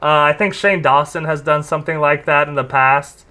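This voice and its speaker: A man with a fairly high voice gives casual reaction commentary. He talks bluntly, with sarcasm and plenty of swearing. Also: steady tone, moderate pace, bright, forceful tone, clear, resonant tone. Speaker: commentary host.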